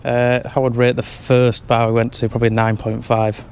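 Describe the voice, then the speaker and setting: A man's voice: medium pitch, completely flat delivery, moderate pace, darkish tone, a little hiss or hum. Dry-humoured man vlogging. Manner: dry, joking pub reviews. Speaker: travel vlogger. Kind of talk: casual vlog chat. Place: pubs and streets, in and out of doors.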